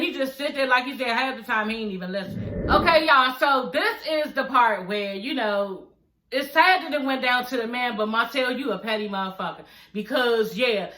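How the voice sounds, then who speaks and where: Sassy, profane woman with a bright voice. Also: high voice, animated, fairly quick. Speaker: reality TV recap vlogger. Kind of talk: casual recap commentary. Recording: echoey room.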